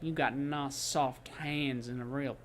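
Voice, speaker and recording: A man's voice: mid-range voice, steady tone, takes it slowly, slight background noise, voice pushed down, lightly acted. A man voicing a hungry carnivorous dinosaur that speaks with a Southern drawl. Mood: leering.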